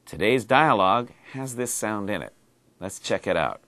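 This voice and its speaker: Male pronunciation coach, low voice, animated delivery, dry close sound. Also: no echo. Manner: clear, deliberate, repeats sounds and words for drilling. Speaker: pronunciation teacher. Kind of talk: slow, exaggerated pronunciation lesson.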